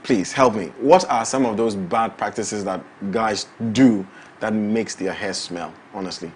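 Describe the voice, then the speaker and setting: A man's voice: lowish voice, measured pace, slight background noise. A man hosting a morning show, announcing events and chatting with a guest. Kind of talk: upbeat morning show presenting and interviewing.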